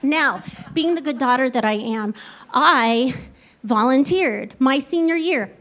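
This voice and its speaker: A woman telling a comic true story on stage, acting out the people in it and swinging between loud outbursts and hushed asides. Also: sits high, measured pace. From Kansas, USA. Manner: animated, acts out quoted voices, swings between loud and hushed.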